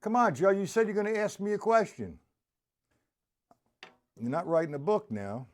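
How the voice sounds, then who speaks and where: A chatty drum instructor streams a casual lesson live, reading viewer comments aloud and playing drums between the talk. He talks at normal speed in a high, sing-song voice.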